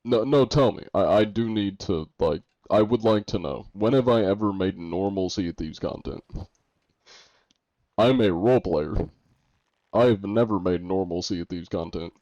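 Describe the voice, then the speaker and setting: American man, young, casual stream chatter, low voice, dull lo-fi audio. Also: moderate pace, darkish tone, dry recording. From United States. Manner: joking, reads chat aloud and answers it. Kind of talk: casual livestream chat.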